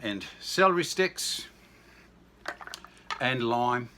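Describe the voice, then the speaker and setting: A home cooking vlogger in his sixties chats casually through a cocktail demo at home, drifting into jokey asides and anecdotes. His mid-range voice has lively intonation and a very slow pace, with a noisy background behind him.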